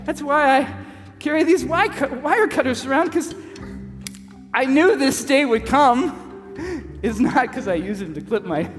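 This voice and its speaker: A man's voice: very high-pitched, expressive, measured pace, long pauses. An actor playing a boastful, goofy barista who rambles and laughs at his own jokes in a live comedy sketch. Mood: rambling. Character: boastful goofy male barista know-it-all. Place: church hall before an audience. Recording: live hall reverb, faint music.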